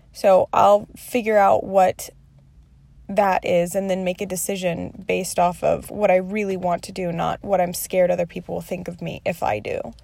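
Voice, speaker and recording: A woman's voice: lowish voice, level tone, moderate pace, creaky, darkish tone, no room sound. A woman in her thirties talking candidly through her day in a rambling, confessional vlog, swearing freely. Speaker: mother sharing her day.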